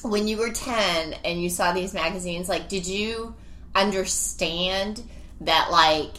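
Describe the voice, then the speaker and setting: A woman's voice: lowish voice, takes it slowly, pushed and bright, echoey room, slight background noise. A woman hosting a casual chat, teasing and laughing often. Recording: crowd heard behind.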